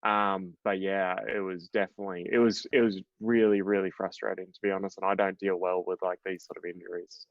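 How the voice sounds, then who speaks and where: A man's voice: sits low, little pitch movement, a little fast, few pauses, no room sound. A young Australian man with an Australian accent, a professional golfer telling rambling stories with fillers and swearing as a guest in a casual interview. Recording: dull, dry podcast audio.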